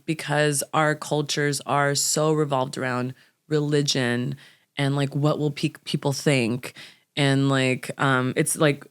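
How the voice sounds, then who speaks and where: A young adult woman from the United States, a podcast guest speaking candidly and reflectively about personal experience. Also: sits low. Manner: reflective, openly personal storyteller.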